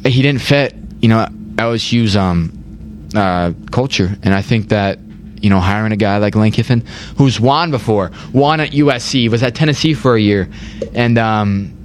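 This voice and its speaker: A man's voice: on the low side, normal speed, a little hiss or hum. A young man hosting a casual sports chat, rambling, repeating words and saying "like" a lot. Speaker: podcast host.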